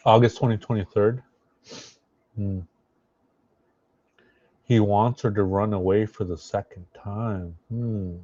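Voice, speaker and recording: A man with a low voice gives casual live commentary, thinking aloud as he scrolls and halting on fillers and restarts. The sound is dry and close, through a dull, lo-fi mic. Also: steady tone, warm tone, no room sound. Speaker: streamer reacting to social media posts.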